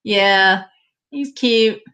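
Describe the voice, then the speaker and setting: A woman's voice: mid-range voice, extremely slow, pushed and bright, slight background noise. A woman hosting a live stream, chatting casually and directly with her viewers.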